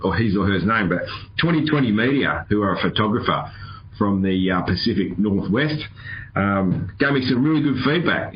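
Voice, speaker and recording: A man's voice: sits low, muffled recording, a little hiss or hum. A man hosting a casual interview podcast, easygoing and rambling, laughing often. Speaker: podcast host.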